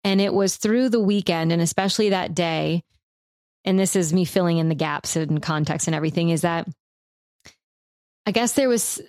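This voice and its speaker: A woman in her thirties telling a personal story in a relaxed, rambling way, with lots of fillers as she co-hosts a podcast. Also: lowish voice, normal speed, no room sound, clean studio sound. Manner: reflective, rambling with frequent fillers.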